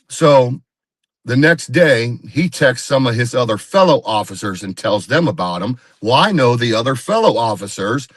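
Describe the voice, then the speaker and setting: A man's voice: medium pitch, lively intonation, normal speed, no echo. A man, a guest on a live video call, telling a story in a rambling casual way and acting out what others said. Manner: rambling, repeats himself, acts out quoted dialogue. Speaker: guest Bigfoot researcher.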